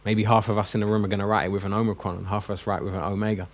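A man teaching a class of adults, chatty and joking as he drills each sound slowly and quizzes the room. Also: fairly low pitch, little pitch movement. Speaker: Greek teacher. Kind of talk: classroom lesson. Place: classroom with a group.

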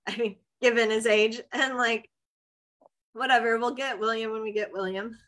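A woman's voice: fairly high pitch, steady tone, moderate pace, a bit bright. A woman from the United States co-hosting a casual chat, talking loosely and laughing often. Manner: chatty, laughs often, trails off with "like". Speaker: podcast co-host.

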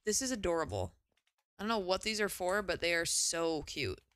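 A young woman streaming a game, chatting casually and gushing with excitement, often exclaiming and swearing. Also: on the low side, normal speed, dry recording, clean studio sound. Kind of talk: casual live gaming commentary.

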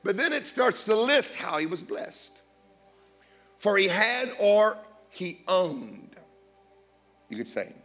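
A middle-aged man preaches with a fairly high, very lively voice that swings up and down as he acts out conversations and cracks jokes. Faint music hums underneath. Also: takes it slowly, pauses often. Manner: animated, jokey, acts out dialogue with big pitch swings. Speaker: guest preacher. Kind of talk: storytelling sermon.

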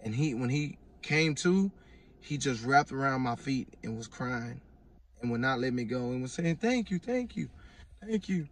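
A man's voice: medium pitch, moderate pace, distant mic. Earnest man rambling through a testimony. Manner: earnest, rambling, with repeated restarts. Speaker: vlogger giving religious testimony. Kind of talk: casual personal testimony.

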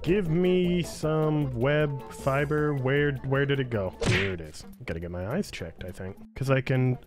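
A man's voice: medium pitch, a little slow. A man giving playful let's-play commentary, teasing the creatures he fights in the game. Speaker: gaming YouTuber. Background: game music.

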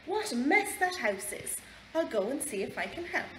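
A woman voicing a gentle, friendly wolf with an Irish accent. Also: sits high, very animated, normal speed, far from the mic, a little hiss or hum. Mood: kind worried. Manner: gentle and polite, rises in alarm. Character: kind, friendly, helpful male wolf. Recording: echoey library room.

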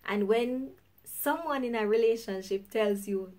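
A woman's voice: medium pitch, fairly even intonation, normal speed, dark tone. A woman with a Jamaican accent, hosting her own vlog in an upbeat, chatty way and laughing often. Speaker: YouTuber host. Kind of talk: casual vlog chat.

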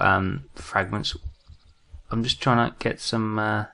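A British man talks through a survival game in a low, gravelly voice with a sharp, bright edge. He mutters to himself, jumpy and self-mocking, as he plays. Casual let's-play commentary. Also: flat delivery, slow pace. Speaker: gaming commentator.

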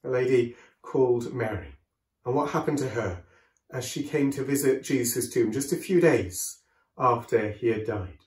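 A man leading a children's collective worship, telling a story gently and expressively for young listeners. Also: medium pitch, normal speed, roomy sound. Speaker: school worship leader.

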